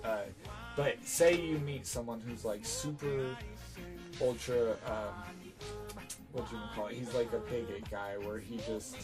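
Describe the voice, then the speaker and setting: A man co-hosting a podcast in casual chat, loose and rambling, with sudden loud bursts and plenty of swearing. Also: medium pitch, steady tone, unhurried. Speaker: podcast co-host. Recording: music playing behind.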